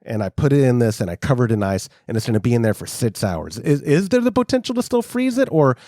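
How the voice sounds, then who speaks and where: A man's voice: mid-range voice, big pitch swings, fast, warm tone, no room sound, clean studio sound. A man, co-hosting a homebrewing podcast in casual, rambling, self-mocking chat. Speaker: podcast co-host.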